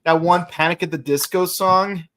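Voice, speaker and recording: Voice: medium pitch, steady tone, normal speed, a bit bright. Co-host, casual fan review chat, rambling, restarts often. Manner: rambling, full of restarts and sung quotes.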